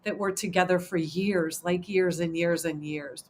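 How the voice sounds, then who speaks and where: A woman's voice: on the low side, fairly even intonation, unhurried. Rambling, emotional woman hosting a stream. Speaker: host. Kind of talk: casual livestream chat.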